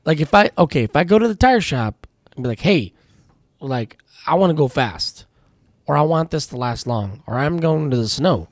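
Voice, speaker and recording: A man's voice: fairly high pitch, lively intonation, normal speed, no echo, clean studio sound. A man co-hosting a casual podcast, ranting through profane stories about his work at a tire shop. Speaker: podcast co-host.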